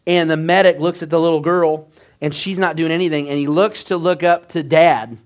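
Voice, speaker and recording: A man preaching a sermon as pastor, telling stories with animated swings between hushed and loud delivery. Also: fairly high pitch, brisk.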